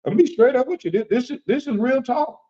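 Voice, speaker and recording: A man preaches in an easy, conversational way, folksy and animated. He repeats phrases and slips into the voices of the people he quotes. The sound is dull and lo-fi, like a livestream. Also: extremely high pitch, quick pace. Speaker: apostle and preacher leading a discussion.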